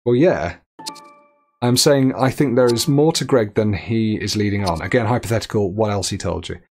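A man's voice: fairly low pitch, normal speed, darkish tone. Chatty man streaming a game. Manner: chatty, reads chat aloud and laughs often. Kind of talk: live game stream commentary.

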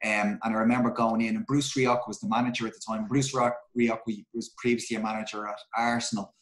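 A man's voice: fairly low pitch, little pitch movement, fast. A middle-aged Irish man, a former footballer, telling stories candidly in a casual interview, swearing freely and restarting his sentences often. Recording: roomy echo.

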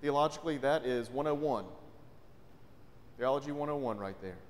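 A pastor from North Carolina, preaching a conversational sermon and often asking "right?". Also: male voice, mid-range voice, moderate pace. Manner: conversational, frequent rhetorical "right?". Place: church sanctuary. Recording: long church reverb.

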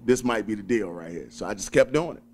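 A young man with a Southern accent from Alabama, a stand-up comedian chatting in an interview, laid-back and quick to chuckle. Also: lowish voice, lively intonation, a little mellow. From Birmingham, Alabama. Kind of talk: casual interview chat.

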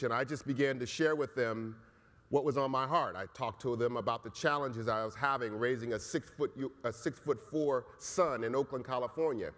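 Male keynote speaker, conversational storyteller, medium pitch, big reverberant hall. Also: fairly bright tone. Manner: conversational, often tags lines with "right?". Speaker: keynote speaker, college professor. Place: large conference hall. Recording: echoey hall.

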